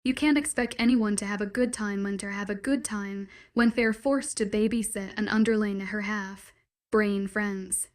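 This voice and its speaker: Woman reading gruff male werewolf general, hulking, scornful, clipped commands, mid-pitched. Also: steady tone, moderate pace, lightly acted.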